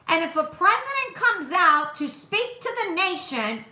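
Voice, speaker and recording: Very high-pitched and very animated, she speaks unhurriedly with a sharp tone, her voice echoing around the room. As an accented political livestream host with strong opinions, she drives points home by repeating them and throws out rhetorical questions.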